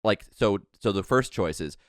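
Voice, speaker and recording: A man's voice: on the low side, lively intonation, normal speed, dry recording, studio quality. A young man telling a long story on a casual podcast, rambling and restarting often. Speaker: podcast co-host.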